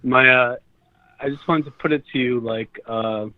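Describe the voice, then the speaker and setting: A man's voice: mid-range voice, steady tone, moderate pace, dry recording. A man calling into a show, heard through a tinny phone line with a dry, close sound. He talks hesitantly and stops often to gather his thoughts. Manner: hesitant, rambling with fillers. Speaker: caller.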